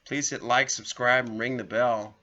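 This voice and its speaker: Here a vlogger and show host, speaking at a moderate pace with fairly even intonation, shares rambling personal anecdotes in a casual monologue, calling viewers folks. His medium-pitched voice is bright and forceful; the lo-fi audio is slightly dull.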